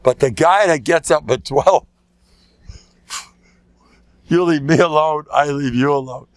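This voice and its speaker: A man's voice: a little slow, long pauses, no room sound. An older man, a rabbi giving a lecture, telling stories with jokes, often breaking off, repeating words and laughing at his own lines. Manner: animated, jumps into loud high voices for quoted lines. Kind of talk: storytelling talk with jokes.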